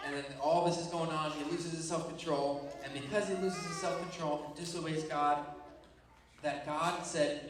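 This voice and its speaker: Animated man teaching a Bible lesson. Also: on the high side, normal speed, slight background noise. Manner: animated, playful storytelling with frequent check-ins. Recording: echoey room, voice from far off.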